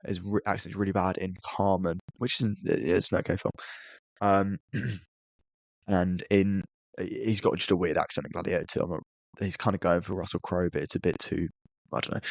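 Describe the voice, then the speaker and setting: A man's voice: sits low, gravelly, dry recording. A man co-hosting a podcast, talking earnestly about films with frequent stammered restarts. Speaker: podcast co-host. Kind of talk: casual film review chat.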